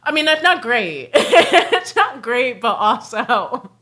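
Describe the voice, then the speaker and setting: A young adult woman hosting a livestream, telling family stories in a casual, animated way and laughing often mid-sentence. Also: fairly high pitch. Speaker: livestream host. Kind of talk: casual storytelling chat.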